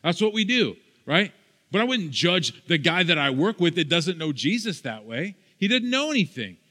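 A man's voice: high voice, fairly bright tone. A male pastor preaching a sermon, talking in a conversational, emphatic way with asides to the congregation. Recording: hall reverb.

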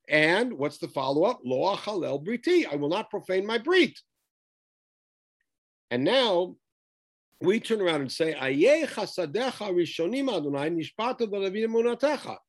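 A man teaching a Bible text study, reading Hebrew verses aloud and then explaining them with emphasis. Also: sits high.

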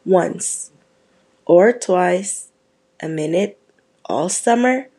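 A woman's voice: on the low side, expressive, drawn-out words, mellow, slightly rough, exaggerated voice. A woman reading aloud and voicing teasing teenage twin boys in a mock-surprised tone.

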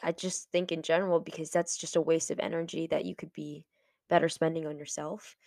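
A woman's voice: low-pitched, flat delivery, a little fast, gravelly, darkish tone, dry recording. Giggly 21-year-old woman, dry sound. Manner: chatty, giggly, reflective. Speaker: podcast host. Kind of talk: casual solo podcast talk.

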